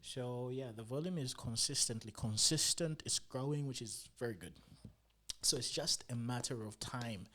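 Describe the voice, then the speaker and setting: A man's voice: mid-range voice, brisk. Chatty man doing live trading commentary. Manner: excitable, chatty, talks to viewers. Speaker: crypto trading streamer.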